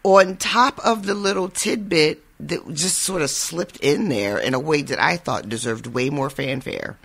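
A man's voice: on the high side, unhurried, gravelly, a bit bright. A man co-hosting a podcast in casual chat, feeling unwell and laughing often. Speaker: podcast co-host.

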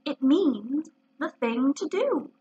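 Pompous wordy male owl voiced by a woman, self-important storybook voice, lively pitch, dull lo-fi recording. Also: takes it slowly. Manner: pompous, fond of long words.

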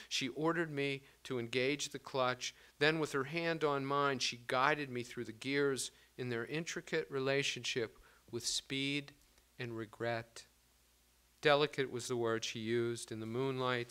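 Bright, crisp-voiced male poet reading. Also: medium pitch. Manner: measured, expressive reading with casual asides. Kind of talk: literary reading to an audience.

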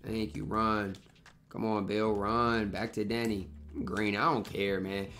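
A young man calls his own basketball game live in a bright, forceful voice, venting and trash-talking. Faint music plays underneath. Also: lowish voice, little pitch movement, unhurried. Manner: frustrated, trash-talking, slangy. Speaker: gaming YouTuber. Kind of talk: live gameplay commentary.

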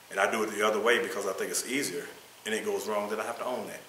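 A man's voice: lowish voice, bright, forceful tone, roomy sound, slight background noise, poor audio. A man teaching a church Bible study, reading passages aloud and then explaining in his own words with restarts. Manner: reads from notes, then speaks off the cuff with restarts. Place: church room.

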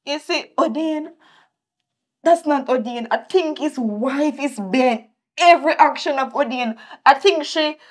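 Young woman acting as an ashamed Jamaican daughter, pleading, high voice. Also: measured pace. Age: young adult. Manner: pleading, defensive.

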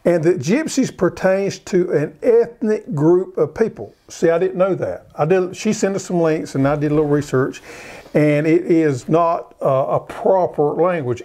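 A man's voice: on the high side, measured pace, dark tone. A man with a Southern US accent co-hosting a casual show, teasing and earnest in a homespun way. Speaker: co-host. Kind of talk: casual chat.

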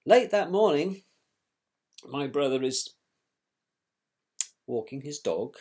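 Animated man telling a story. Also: on the high side, slow pace, husky. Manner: animated, scornful, colloquial. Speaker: victim's brother recounting events. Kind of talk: personal storytelling.

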